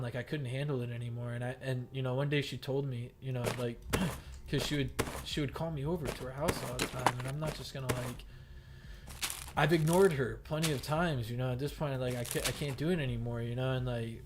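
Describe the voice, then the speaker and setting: A man's voice: medium pitch, background noise. A young adult man streaming a game, telling a rambling story full of "like" fillers and swearing. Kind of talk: casual storytelling. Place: home gaming setup.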